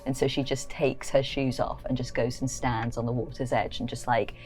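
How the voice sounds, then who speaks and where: A woman playing a tabletop role-playing game, describing her character's actions in a lively, laughing way. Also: rumbling low, normal speed, faint music behind. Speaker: player.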